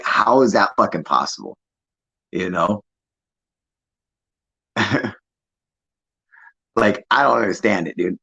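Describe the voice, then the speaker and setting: Male streamer host, low husky voice, foul-mouthed rambling chat, dry dull lo-fi audio. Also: a bit bright. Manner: profane, rambling, laughing. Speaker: livestream host. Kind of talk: casual livestream chat.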